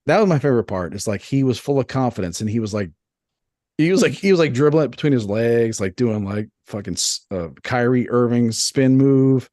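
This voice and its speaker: A man in his thirties co-hosting a podcast, telling crude, rambling, animated stories in casual banter. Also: medium pitch, a little fast, no room sound, clean studio sound. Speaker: podcast co-host.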